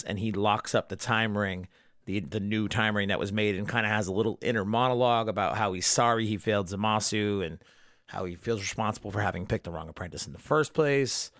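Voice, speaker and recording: Profane, excited young man recapping a cartoon. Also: fairly low pitch, brisk, no echo, studio quality. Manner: profane, enthusiastic fan rambling. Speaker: podcast host. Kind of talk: casual episode recap.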